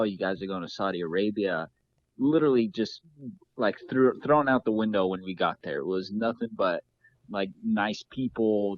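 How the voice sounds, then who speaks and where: Low-voice guy guesting on a podcast, easygoing, dry dull audio. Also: no room sound. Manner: easygoing, laughs often while talking. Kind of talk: casual chat.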